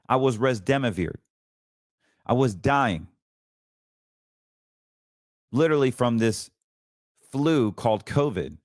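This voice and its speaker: A middle-aged man hosting a show, telling an earnest personal testimony in a casual, preaching way that grows quiet and emotional. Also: lively intonation, slow pace, pauses often, no echo, clean studio sound. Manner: earnest and preachy, voice drops low when emotional. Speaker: podcast host.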